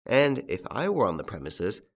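A man voicing a composed gentleman near forty who speaks calmly and with quiet amusement. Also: on the low side. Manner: calm, measured and quietly amused.

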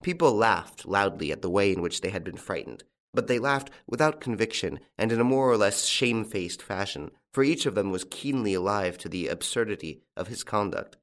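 A man narrating a classic detective story in an audiobook, in a measured, unhurried storytelling manner. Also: fairly low pitch, expressive, fairly bright tone. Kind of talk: scripted narration.

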